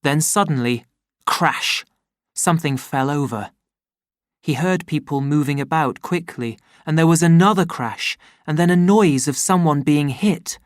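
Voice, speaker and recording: A narrator reading a story aloud in a slow, measured, plain storytelling manner. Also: mid-range voice, a little mellow, no room sound, studio quality. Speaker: audiobook narrator. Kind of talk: scripted narration.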